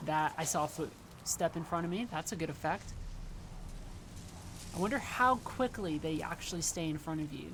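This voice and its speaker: A woman's voice: deep voice, normal speed, long pauses, background noise. A woman livestreaming a game, giving chatty, wry commentary with rambling asides. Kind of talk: casual gameplay commentary.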